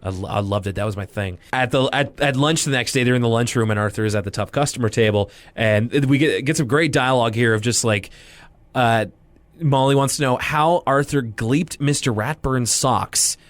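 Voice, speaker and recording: A man's voice: mid-range voice, normal speed, dry recording. A young man co-hosting a casual podcast, enthusiastic and jokey as he recaps a cartoon. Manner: enthusiastic, jokey, says "dude". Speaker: podcast co-host.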